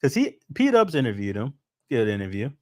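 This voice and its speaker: A frustrated man rants on a livestream, swearing freely and breaking into laughter between complaints. His voice sits at a medium pitch, recorded close and dry. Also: huge pitch swings, moderate pace, darkish tone, dry recording. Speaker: stream host. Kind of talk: casual livestream rant.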